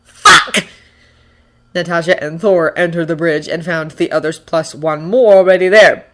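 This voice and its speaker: A reader narrating a fanfiction audiobook in an even storytelling voice. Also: mid-range voice, moderate pace.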